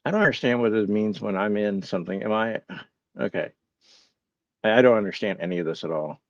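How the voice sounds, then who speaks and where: Man, fairly low voice, casual streamer, reads chat aloud, bemused and self-mocking, dry slightly muffled audio. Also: fairly quick, no echo. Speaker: livestream host.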